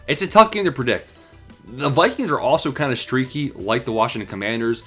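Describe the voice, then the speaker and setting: A man's voice: mid-range voice, fairly bright tone. A young man casually calling his football picks to viewers in slangy, hyped talk, out of breath. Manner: hyped, slangy, talks to viewers as "boys" and "bro". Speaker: sports predictions host. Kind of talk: casual sports betting talk.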